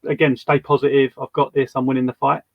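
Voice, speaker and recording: A man's voice: medium pitch, little pitch movement, fast talker, gravelly, dry recording. Chatty man with dull dry sound. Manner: chatty, asks long wind-up questions. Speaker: podcast host. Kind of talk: casual interview chat.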